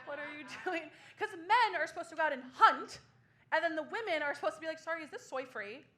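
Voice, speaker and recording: A woman's voice: very high-pitched, quick pace, pushed and bright. A woman in her twenties doing a sardonic, self-mocking stand-up comedy set on a small club stage.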